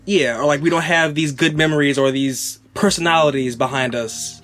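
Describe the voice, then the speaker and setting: A man's voice: on the high side, fairly even intonation, normal speed, over music. A man hosting a podcast interview, speaking earnestly and conversationally. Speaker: podcast host. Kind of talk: casual interview.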